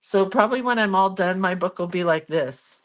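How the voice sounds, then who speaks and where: A woman's voice: medium pitch, moderate pace. A woman hosting a casual live art stream from her home craft room, chatting and greeting viewers by name. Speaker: art livestream host.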